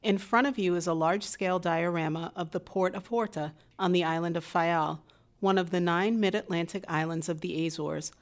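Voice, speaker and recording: Low-voiced woman narrating a museum tour. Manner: measured, evenly paced guided-tour delivery. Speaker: museum audio guide narrator. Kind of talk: scripted narration.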